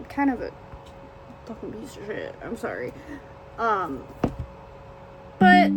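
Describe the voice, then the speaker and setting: A woman's voice: high-pitched, a little hiss or hum, low-quality recording. A woman casually chatting about a book she read, rambling and profane. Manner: rambling and profane, lots of fillers. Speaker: book reviewer. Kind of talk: casual chat.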